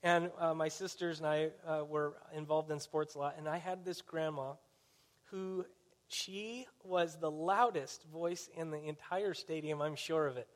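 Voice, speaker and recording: A pastor preaching a sermon in a conversational storytelling way, often asking the listeners questions. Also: male voice, a little high, fairly even intonation, unhurried.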